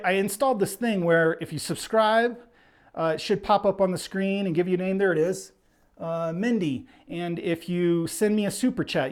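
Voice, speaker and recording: A livestream host with a high-pitched, slightly mellow voice chats casually and calls the action as he plays. He sounds a little out of breath and reads viewer names aloud.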